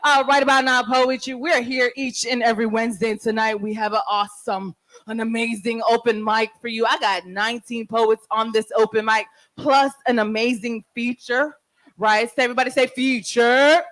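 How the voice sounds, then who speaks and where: A woman's voice: fairly high pitch, steady tone, normal speed, a bit bright, low-quality recording. A woman hosts a live open mic from a venue stage, speaking into a handheld mic. Her delivery is brash and playful, full of teasing and crowd-hyping. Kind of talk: live event hosting.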